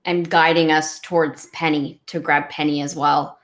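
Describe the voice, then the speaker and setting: A woman's voice: low-pitched, flat delivery, normal speed. A woman player in a tabletop role-play, describing her character's actions thoughtfully with frequent hesitations. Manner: thoughtful, hesitant with many ums.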